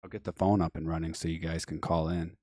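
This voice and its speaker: A man with a very deep voice runs a casual live-stream show, rambling through viewer comments in an offhand way. His voice is going hoarse. The sound is dry and close, with no room echo. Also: little pitch movement, fast, warm tone. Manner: rambling, offhand, many fillers and trailing asides. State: losing his voice.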